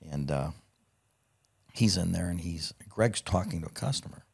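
Gravelly low-voiced man telling stories. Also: normal speed. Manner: profane, animated anecdote teller. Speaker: guest. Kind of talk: casual storytelling.

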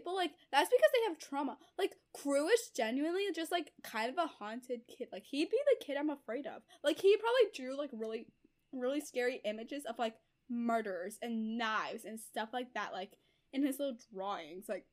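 A young woman co-hosting a casual book chat. She is chatty and peppers her speech with fillers. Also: high-pitched. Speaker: book discussion co-host.

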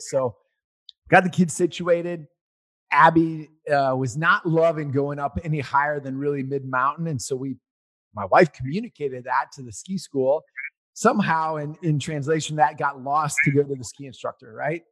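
Forties guy rambling through a family story, kinda high voice, gets loud and worked up. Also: normal speed. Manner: rambling and animated, gets loud reliving an argument. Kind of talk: casual personal storytelling.

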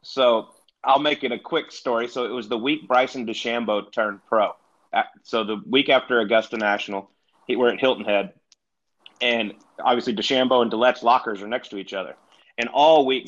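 A middle-aged man tells stories quickly and easily, laughing as he goes, like a guest on a casual podcast. His audio sounds slightly dull and muffled. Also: mid-range voice, a bit bright. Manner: laid-back, chatty, laughs through his stories. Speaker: retired golfer guest.

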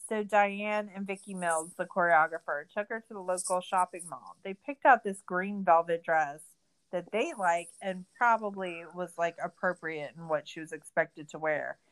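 A woman's voice: lowish voice, poor audio. Exasperated ranting woman podcaster. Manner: sarcastic, exasperated ranting with swearing. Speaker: podcast co-host. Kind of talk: casual recap chat.

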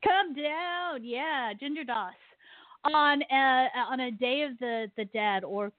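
This talk radio host's voice sits high and moves at a slow pace. She laughs a lot while animatedly venting her pet peeves in casual conversation with a guest, all heard over a dry, tinny phone-line sound with no room sound.

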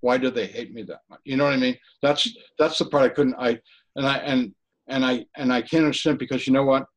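A man giving an earnest personal testimony in an interview, talking haltingly with frequent restarts. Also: mid-range voice, fairly even intonation, lo-fi sound. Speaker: interview guest.

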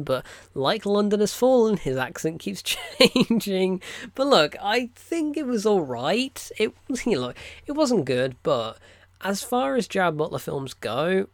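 A man's voice: mid-range voice, no room sound. A man reviewing films in a casual, rambling vlog, full of "look" and "right?" asides. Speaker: film reviewer. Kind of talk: casual weekly film diary vlog.

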